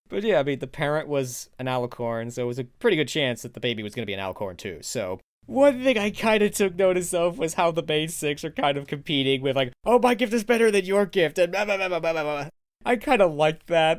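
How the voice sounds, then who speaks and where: A man giving a casual, rambling spoken review, laughing often and jumping into excited high quoted voices. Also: no room sound, clean studio sound. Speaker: video reviewer.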